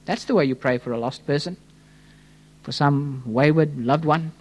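Impassioned preacher, man. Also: normal speed. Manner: impassioned, swings between hushed low tones and fervent raised pleas; addresses listeners as friends, rhetorical questions. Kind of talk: sermon.

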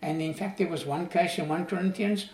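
A man with a fairly high voice preaches in an earnest, emphatic way and keeps putting questions to his listeners. He sounds set back from the microphone in an echoing room. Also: steady tone, fairly quick, a little mellow. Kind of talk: sermon. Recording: roomy sound, voice from a distance.

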